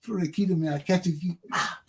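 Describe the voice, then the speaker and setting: Husky high-pitched Liberian man storytelling. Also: fast talker. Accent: Liberian English. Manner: animated, profane, laughs often, acts out quotes loudly. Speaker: talk show host. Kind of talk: casual storytelling monologue.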